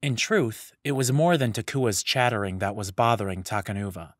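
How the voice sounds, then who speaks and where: Low-voiced male story narrator. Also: normal speed, dry recording, studio quality. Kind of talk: scripted audiobook narration.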